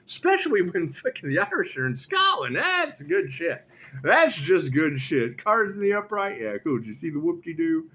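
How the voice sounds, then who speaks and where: Excitable man with lively pitch. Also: normal speed. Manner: excitable, repetitive, swings between low mutters and loud exclamations; swears casually. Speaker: tarot reader. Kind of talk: solo spiritual tarot commentary.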